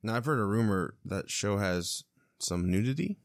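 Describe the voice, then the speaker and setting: Sarcastic male chatter, animated pitch, dry sound. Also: normal speed, no echo. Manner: sarcastic, laughing. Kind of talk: casual chat.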